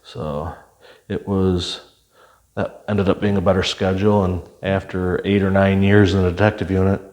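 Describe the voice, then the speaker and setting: A man's voice: low-pitched, little pitch movement, normal speed, a little mellow. An older man, a retired police officer, telling stories from his career in a plain-spoken way, with many fillers and restarts. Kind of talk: conversational storytelling.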